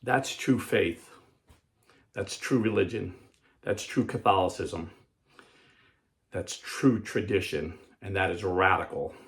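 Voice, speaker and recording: A man's voice: low voice, slow, long pauses. A man hosting a casual talk show, speaking earnestly and conversationally, often acting out quotes in other voices. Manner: frequent fillers and restarts, quotes people in put-on voices. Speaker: podcast host. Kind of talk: casual commentary.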